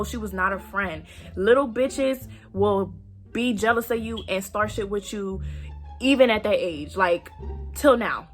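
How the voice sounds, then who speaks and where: A young woman casually telling a story to her viewers, animated and profane, talking to them directly and acting out the voices of people in it. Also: mid-range voice. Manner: acts out quoted voices. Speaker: storytime vlogger.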